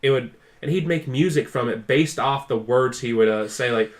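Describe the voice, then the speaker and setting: A man's voice: medium pitch, normal speed. A man co-hosting a podcast, telling a long story in casual chat, full of "like" fillers and acted-out quotes. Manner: rambling storyteller, heavy use of "like"; acts out quoted people with raised intensity. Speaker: podcast co-host.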